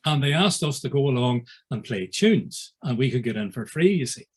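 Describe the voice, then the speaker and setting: A man's voice: medium pitch, animated, moderate pace, slightly rough. A man in his sixties with a Belfast accent, telling wry stories from his past as an interviewee. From East Belfast, Northern Ireland. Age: 60s. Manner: wry storyteller, acts out old conversations. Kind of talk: anecdotal storytelling.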